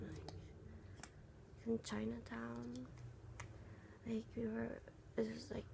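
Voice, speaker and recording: A young woman venting in a casual vlog, speaking softly and haltingly with many fillers, her voice gravelly and often half-whispered. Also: fairly high pitch, a little hiss or hum. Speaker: vlogger.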